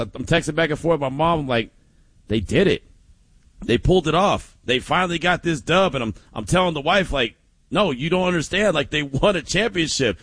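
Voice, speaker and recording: A man's voice: medium pitch, no echo. A man hosting a sports talk radio show, telling stories emphatically and laughing often. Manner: animated, laughing, emphatic storyteller.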